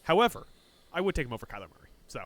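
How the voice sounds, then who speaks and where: A man's voice: a little high, very fast. A man co-hosting a casual sports podcast, joking around, punning and swearing as he leads the segments. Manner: jokey, excitable, swears, punning asides. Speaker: podcast co-host.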